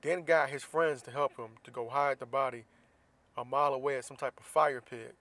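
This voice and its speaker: A man's voice: medium pitch, fairly even intonation, a little fast, a bit bright, dry recording. A man from Florida hosting a podcast, ranting bluntly and profanely in a casual opinion monologue. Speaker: podcast host.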